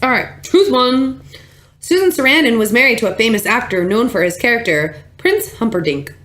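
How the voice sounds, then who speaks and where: Lively teasing woman co-host. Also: a little high, moderate pace. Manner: teasing, giggly. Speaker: podcast co-host. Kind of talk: casual chat.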